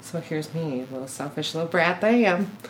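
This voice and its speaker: A woman's voice: low voice, fairly quick, slight background noise, rough recording. A middle-aged woman telling her story as a podcast guest, candid and blunt, cursing now and then and laughing at herself. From born in Korea, raised in Minnesota. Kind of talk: casual storytelling interview.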